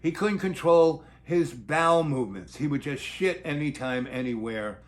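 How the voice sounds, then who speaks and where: An older man rambling through a long story in a blunt, crude, animated way. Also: a little high, moderate pace.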